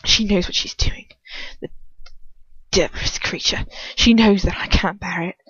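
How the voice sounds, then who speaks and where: A woman's voice: mid-range voice, steady tone, measured pace, fairly bright tone, breathy edge, no echo, dull audio. A woman voicing a bitter aristocratic wizard man in whispered role-play, hissing a venomous inner monologue. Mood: seething.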